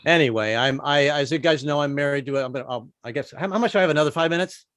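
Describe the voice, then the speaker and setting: A man's voice: fairly high pitch, racing, a bit bright, dry recording. A man in his fifties doing a stand-up comedy set, rambling and self-mocking, with many restarts.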